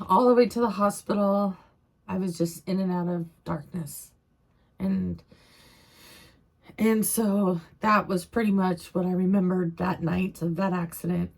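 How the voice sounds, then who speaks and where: A middle-aged woman vlogger recounting a personal experience in a halting, emotional way, often repeating her phrases. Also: medium pitch.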